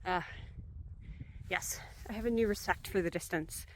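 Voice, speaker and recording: A woman's voice: on the low side, moderate pace, a little hiss or hum, low-quality recording. A woman talking to her camera while skiing alone on a snowy mountain trail, chatty and upbeat, laughing often and out of breath. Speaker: solo backcountry skier filming herself. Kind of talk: casual vlog narration.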